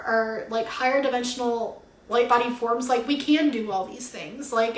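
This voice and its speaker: Young woman reader, lively casual livestream chatter, slightly high voice, roomy echo. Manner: chatty and animated, swears casually, many "like" fillers. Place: at home.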